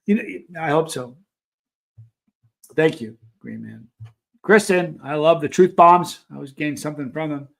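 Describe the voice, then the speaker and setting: A man's voice: fairly high pitch, very animated, unhurried, gravelly, pauses often. Earnest, rambling man hosting a livestream. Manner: earnest, rambling, with many restarts. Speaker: livestream host. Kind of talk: casual chat reading live comments.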